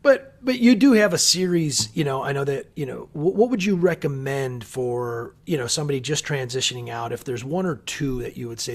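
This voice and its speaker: Man, podcast host, lively intonation, laughs easily, halting restarts. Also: medium pitch. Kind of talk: casual interview chat.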